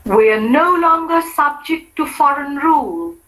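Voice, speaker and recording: A woman's voice: high-pitched, expressive, measured pace, a bit bright, rough recording. A woman reading example sentences for a language-lab exercise, carefully enunciated.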